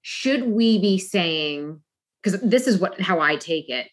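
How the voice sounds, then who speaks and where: Brief: woman host, lowish husky voice, hesitant, thinks aloud. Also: animated, slow. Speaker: talk show host. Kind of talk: interviewing a guest.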